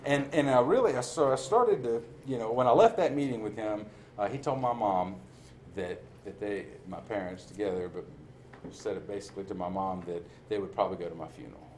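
Over a slight hiss or hum, a man with a somewhat low, slightly mellow voice briskly recounts his recovery in a frank testimony. He jokes at his own expense and laughs a lot.

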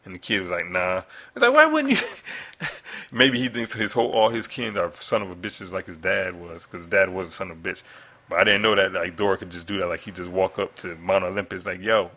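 Deep-voiced, bright, profane podcast host. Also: male voice, steady tone, fairly quick. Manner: rambling, profane, laughs often. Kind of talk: casual comic book review podcast.

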